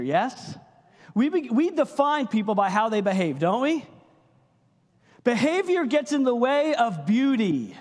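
Animated pastor preaching in a hall. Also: male voice, sits high. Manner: animated preaching, acts out quotes, jokes with congregation. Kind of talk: sermon. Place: church hall. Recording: long reverb of a church hall.

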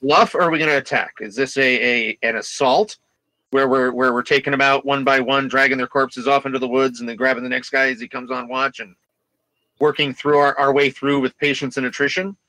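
Player, a man with a bright, dry-miked voice, questioning the plan out loud at a tabletop game. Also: medium pitch, fairly even intonation, dry recording, poor audio. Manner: lays out plans in long deliberate questions. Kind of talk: casual tabletop game chat.

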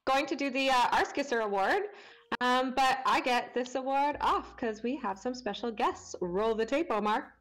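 A woman's voice: high voice, normal speed, fairly bright tone. Upbeat woman co-hosting, gushing. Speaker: award show co-host. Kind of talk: casual livestream chat.

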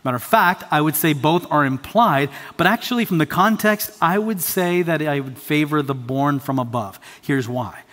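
A man's voice: on the high side, lively intonation, moderate pace, few pauses, fairly bright tone, big-room sound. A man preaching a sermon as pastor, emphatic and repeating his key phrases. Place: church sanctuary.

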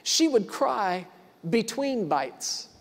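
A man in his thirties preaching a sermon, repeating phrases for emphasis and swinging from quiet to loud. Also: high voice, very animated, very slow, creaky. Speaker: pastor. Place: church hall. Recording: long reverb of a large hall.

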